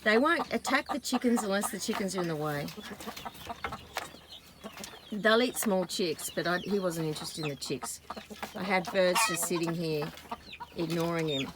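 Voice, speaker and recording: Chatty woman, loud chickens behind. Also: fairly low pitch, normal speed, pauses often, background noise. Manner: chatty, rambling, talks sweetly to the animal. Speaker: vlogger, backyard chicken keeper. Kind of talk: casual chat to camera. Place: outdoors at a backyard chicken coop. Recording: loud clucking chickens and clicks outdoors.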